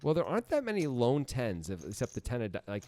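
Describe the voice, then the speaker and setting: A man giving casual, chatty poker commentary with quick, lively reactions. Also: medium pitch.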